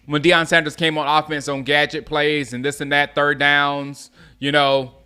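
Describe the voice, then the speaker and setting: A man from South Carolina hosting a live game watch-along, reacting loudly to plays and chatting with viewers by name. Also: a little high, level tone, normal speed, clear, resonant tone. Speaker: host.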